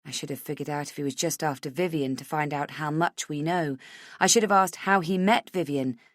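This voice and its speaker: A woman narrating a first-person thriller audiobook in a measured, steady reading. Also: sits low, no echo, clean studio sound.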